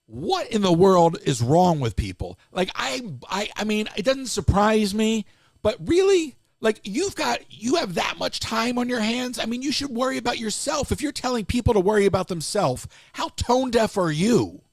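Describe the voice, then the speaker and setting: A man's voice: high-pitched, sing-song, moderate pace, gravelly, dry recording, studio quality. A man hosting a live stream, ranting casually in an exasperated way and restarting his sentences often.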